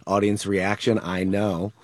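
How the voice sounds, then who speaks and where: A man with a somewhat low voice telling stories from the stage with animated enthusiasm. The recording is dry and close. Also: measured pace, no echo. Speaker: actor, guest.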